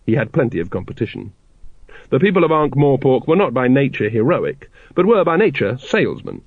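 Man reading a story, wry and measured. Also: mid-range voice, sing-song, no room sound. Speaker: audiobook narrator. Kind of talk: scripted storybook narration. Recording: dry, slightly dull studio recording.

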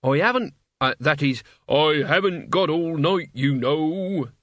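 A man's voice: a little high, expressive, moderate pace, no room sound, pitched above the performer's own voice. An anxious young apprentice, as a man reads him, flustered and stammering, with a plaintive edge. His voice sits a little above the reader's own. The sound is dry and close.

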